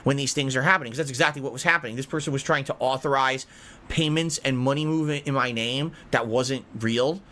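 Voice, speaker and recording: A man's voice: mid-range voice, fast, bright, forceful tone. A man hosting a podcast, ranting angrily about money, swearing and circling back to repeat his points. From United States. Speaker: podcast host. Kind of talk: heated podcast rant.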